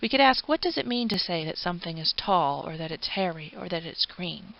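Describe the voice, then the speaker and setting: A woman's voice: fairly low pitch, a little fast, gravelly. A woman giving a recorded philosophy lecture, explaining patiently with informal asides. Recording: dull, dry lo-fi recording.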